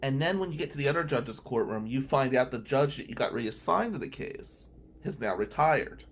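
Man, radio talk regular, mid-pitched, very animated delivery. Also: normal speed. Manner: animated anecdotal storyteller, acts out quotes. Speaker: lawyer and show regular. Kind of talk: storytelling on a radio talk show.

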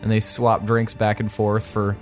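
A man's voice: on the low side, completely flat delivery, moderate pace, faint music behind. A man narrating as game master of a tabletop game, rambling with lots of "like" and laughing often.

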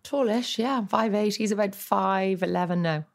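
A woman in her forties, a guest in a casual chat, telling animated stories and acting out voices for comic effect. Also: medium pitch, moderate pace, vocal fry, a little hiss or hum.

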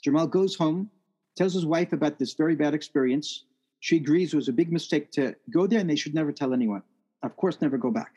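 A man's voice: on the high side, fairly quick, mellow, slightly rough. A man telling a personal story in an earnest, reflective way, his voice rising at the emotional peaks. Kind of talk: first-person storytelling talk.

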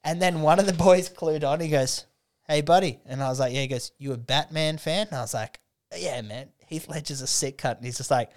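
A man's voice: a little high, brisk, darkish tone. Swearing Australian man telling a story. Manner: laid-back storytelling, swearing, acting out the people he quotes. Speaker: guest storyteller. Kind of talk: casual drunken podcast chat.

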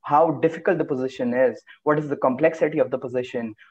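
A man's voice: mid-range voice, breathy edge, muffled recording. A man from India, a podcast guest on a video call, talking in a casual, joking way and laughing often. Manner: laughing, joking, quick excitable bursts.

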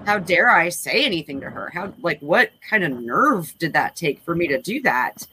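A woman's voice: lowish voice, sing-song, normal speed, pushed and bright, a little hiss or hum, poor audio. A woman in her forties speaking candidly in a casual panel discussion, rambling with frequent restarts. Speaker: panel guest.

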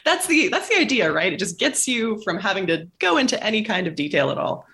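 A woman from the American Midwest, a guest on a podcast, joking in a deadpan way. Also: mid-range voice, brisk. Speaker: podcast guest, food writer. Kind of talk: casual podcast chat.

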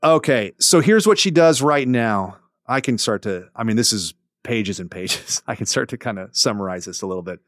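A man hosting a podcast, reading a listener letter aloud with relaxed, joking asides. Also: lowish voice, normal speed, hardly any pauses, dry recording, clean studio sound. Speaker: podcast host.

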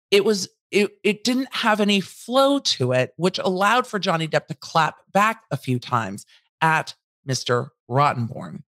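A woman hosting a casual, candid trial recap, blunt enough to swear and acting out quotes with lively emphasis. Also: on the low side, measured pace, no echo. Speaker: legal commentary host.

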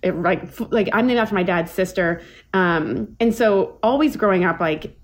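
A woman in her thirties, a podcast guest telling family stories in casual chat, with many restarts and lively put-on voices for her relatives. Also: lowish voice, moderate pace. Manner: chatty storyteller, many likes and restarts, acts out family quotes.

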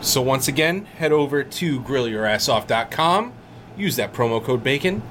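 A man co-hosting a podcast, giving relaxed, salesy sponsor pitches in casual chat. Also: moderate pace, a little hiss or hum. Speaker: podcast co-host.

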